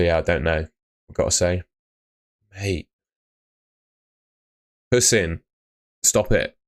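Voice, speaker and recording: A young man chatting on a live stream, giving blunt fantasy football advice and often calling viewers "mate". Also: deep voice. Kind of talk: casual live-stream chat.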